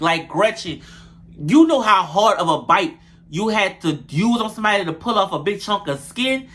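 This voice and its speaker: A young man, reviewing a reality show episode in animated, profane, gossipy casual chat. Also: high-pitched, moderate pace. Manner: animated, profane, gossipy, addresses viewers as y'all.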